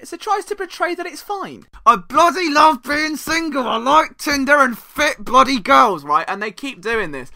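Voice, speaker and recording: A young man hosting a sports podcast, talking solo in a joking, self-deprecating way. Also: sits high. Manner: animated, joking, self-deprecating, does mocking voices.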